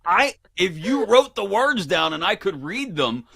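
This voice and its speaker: A man, a guest on a casual sports betting show, telling playful animated stories. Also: high-pitched, measured pace, vocal fry, slightly rough.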